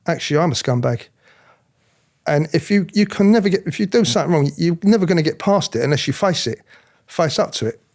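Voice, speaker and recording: A middle-aged man telling his story in an interview, animated, acting out other people's voices, often restarting his sentences. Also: a little high, brisk. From England. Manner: animated, acts out quoted voices, frequent restarts. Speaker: interviewee, former police officer.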